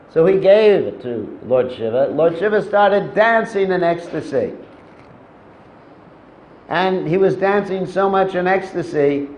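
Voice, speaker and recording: Fairly high-voiced male preacher telling a story. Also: slight background noise. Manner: conversational storyteller with fillers. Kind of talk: devotional sermon storytelling. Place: temple hall. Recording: echoey, slightly dull temple recording.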